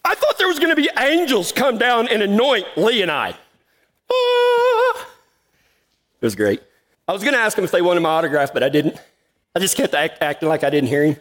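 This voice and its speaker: A man's voice: high-pitched, sing-song, normal speed, fairly bright tone. A middle-aged man telling a folksy story in a cowboy sermon, drawling and laughing at his own tale. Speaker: cowboy preacher.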